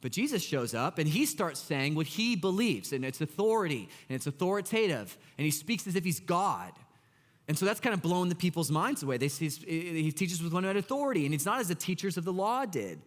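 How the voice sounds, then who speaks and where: A man in his thirties, a pastor preaching a sermon in an excitable, conversational way and talking straight to the congregation. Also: fairly high pitch, a little fast. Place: church sanctuary. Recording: long church hall reverb.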